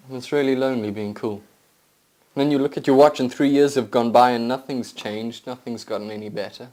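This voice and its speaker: Intense man over music. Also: on the high side. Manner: intense, accusing, building to impassioned outbursts. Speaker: narrator. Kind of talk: scripted spoken-word monologue. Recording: voice over loud background music.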